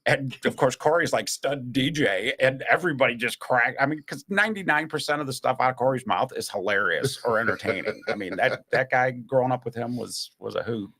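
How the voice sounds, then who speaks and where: Animated man telling stories. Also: medium pitch, brisk, hardly any pauses. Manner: animated storyteller who acts out other people's voices. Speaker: podcast guest or host recalling stories. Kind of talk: casual podcast chat, storytelling.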